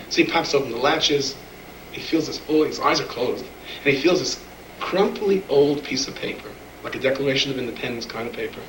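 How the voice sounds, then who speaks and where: Brisk and medium-pitched, a man preaches through stories, performing the voices of the people he quotes with animation. The echoey room and his distance from the mic shape the sound, along with slight background noise.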